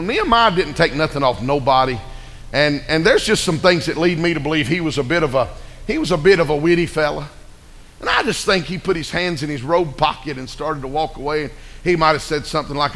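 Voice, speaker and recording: A man preaching with a bright, high voice. He tells the story folksy and vivid and keeps calling for amens. The sound carries long hall reverb. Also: animated, fairly quick. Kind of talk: sermon.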